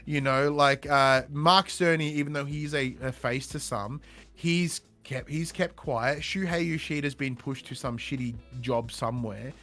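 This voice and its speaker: A man hosting a podcast in casual chat, animated and emphatic, swearing offhand. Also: medium pitch, measured pace. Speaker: podcast host.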